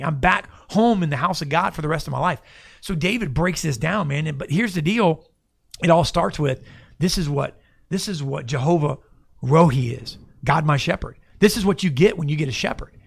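Gravelly man explaining scripture. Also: a little high. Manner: teaching, repeats and restarts phrases. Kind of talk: casual Bible discussion.

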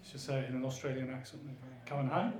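A man reads his poem in an earnest, lyrical way, his voice pitched at an ordinary middle height. The room around him adds a noticeable echo. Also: completely flat delivery, very fast, very noisy. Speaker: poet. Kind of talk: poetry reading. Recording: echoey room.

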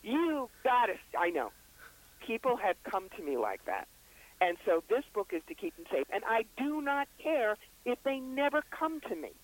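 A man with a brisk, wry storytelling manner, the psychic author and reverend being interviewed on a radio show. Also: very high-pitched, big pitch swings, low-quality recording. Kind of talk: interview guest.

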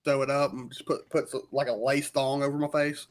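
A man's voice: mid-range voice, level tone, a little fast. A man co-hosting a podcast in casual chat, laid-back and wisecracking, swearing now and then. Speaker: podcast co-host.

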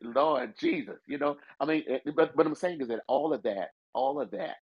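A middle-aged pastor chats on a podcast with a gravelly, slightly husky voice. His pitch swings widely as he jokes and repeats himself for effect. He sounds loose, animated and talkative. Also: brisk, lo-fi sound. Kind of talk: casual podcast chat.

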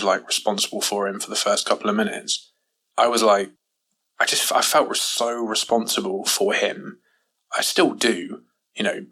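A man telling his story in a lower, bright and forceful voice. He jumps up in pitch when he acts out what others said, casual and animated throughout. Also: poor audio. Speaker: guest recounting an accident.

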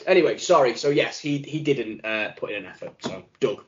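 A man's voice: mid-range voice, expressive, fairly quick, slight background noise. A man co-hosting a running podcast, telling rambling, sweary anecdotes in a casual way. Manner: chatty storyteller who swears and loudly acts out quotes. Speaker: podcast co-host. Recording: muffled lo-fi audio.

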